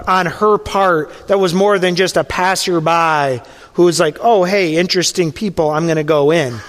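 A man preaching a sermon, retelling a scene as a story and dropping to a hushed voice at the emotional moments. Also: high-pitched, long reverb tail.

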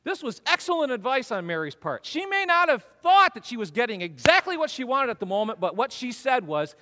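Animated high-voiced male preacher in a hall. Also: fairly quick, hardly any pauses. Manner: animated storytelling, acts out voices. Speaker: pastor. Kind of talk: sermon.

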